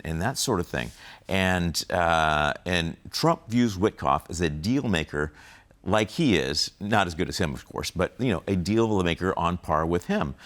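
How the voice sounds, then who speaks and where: A man's voice: low voice, fairly bright tone. A man giving political commentary as a guest on a video call, rambling and full of fillers and restarts. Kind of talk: casual interview commentary.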